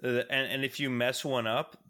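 In a casual podcast chat, this male co-host rambles, leaning heavily on fillers and restarting often. He speaks at a normal speed in a medium-pitched, pushed, bright voice with fairly even intonation.

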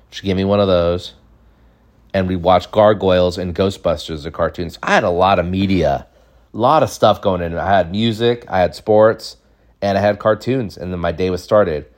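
A man in his thirties telling a casual, rambling, jokey story from his childhood, acting out bits of it. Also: sits low. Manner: rambling, jokey, acts out voices. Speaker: podcast storyteller.

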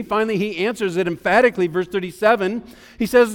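Emphatic high-voiced male pastor preaching. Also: big-room sound. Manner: emphatic preaching with rising declarations and slowed key phrases. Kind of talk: sermon.

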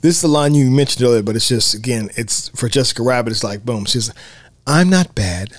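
A man's voice: mid-range voice, quick pace, no room sound. Man chatting animatedly on a dry mic. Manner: animated, laughs often, acts out quotes. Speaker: podcast host. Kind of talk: casual film discussion.

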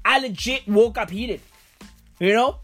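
A woman's voice: fairly high pitch, unhurried, a bit bright, soft background music. A woman hosting a podcast from a recording booth, with a stuffy, blocked nose, ranting in a profane, rambling, slangy way. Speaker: podcast host. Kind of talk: comedic rant.

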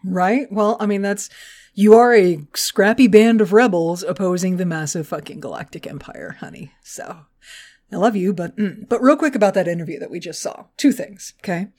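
A woman's voice: medium pitch, moderate pace, darkish tone. A woman co-hosting a podcast in casual chat, chatty and profane, laughing often as she recaps. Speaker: podcast co-host.

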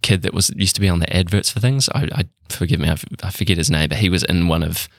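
A man's voice: sits low, fast talker, creaky, a bit bright, no room sound, studio quality. A man hosting a casual podcast interview, rambling and hesitant, with a lot of "like". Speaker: podcast host.

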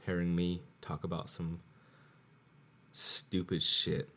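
A man's voice: deep voice, monotone, slow, pushed and bright. A tipsy man hosting his own podcast, rambling in a profane solo rant that keeps repeating itself. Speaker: podcast host.

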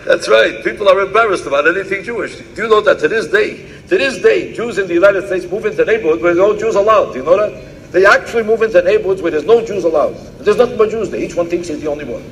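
Fast mocking male comedian. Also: high-pitched, slight background noise. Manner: emphatic, mocking, rapid-fire delivery. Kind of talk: archival comedy monologue.

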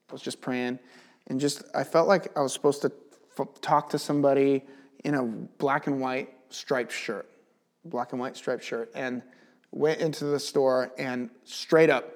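A man teaching in a casual, animated way, telling a personal testimony and leaning heavily on "like". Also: medium pitch. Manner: animated storyteller, chatty with many "like" fillers. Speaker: Bible teacher.

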